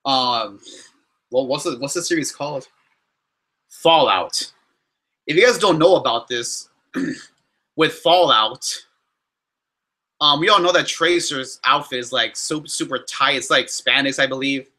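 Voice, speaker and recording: A young man hosting a casual question-and-answer vlog, talking in an animated, exasperated way with many restarts and fillers. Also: mid-range voice, a little slow, long pauses. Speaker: YouTuber answering fan questions.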